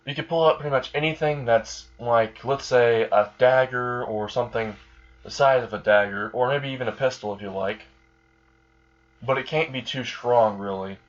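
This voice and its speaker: Ancient scheming Mad Hatter, read by a man; casual halting delivery, mid pitch, muffled lo-fi recording. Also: lightly acted. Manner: casual, halting, says "you know". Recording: dull lo-fi recording.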